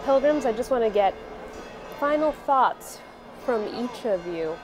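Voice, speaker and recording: A woman anchors live news commentary, speaking in a clear, measured way. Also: fairly high pitch, lively intonation, over music.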